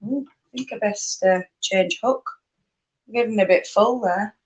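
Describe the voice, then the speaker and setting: Slow-talking Yorkshire woman chatting. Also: medium pitch, slight background noise, poor audio. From northern England. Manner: chatty and rambling, laughs often, reads out viewer comments. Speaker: spinning vlogger hosting a live chat. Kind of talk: casual live-stream chat.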